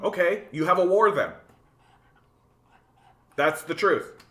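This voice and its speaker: Animated, profane man in a roomy space. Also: a little high, takes it slowly, long pauses. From Canada. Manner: animated, profane, repeats words when thinking. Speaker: livestream host reading chat. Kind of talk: casual livestream rant.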